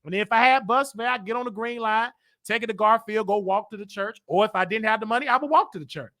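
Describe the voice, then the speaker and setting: A man hosting a show, telling a church story in a dramatic, preacher-like way that rises to shouts. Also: high voice, fast. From Chicago. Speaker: show host. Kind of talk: animated storytelling monologue.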